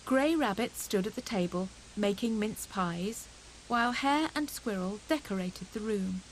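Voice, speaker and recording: Slow, expressive woman reading a storybook. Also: medium pitch, a little hiss or hum, rough recording. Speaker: audiobook narrator. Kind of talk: storybook narration.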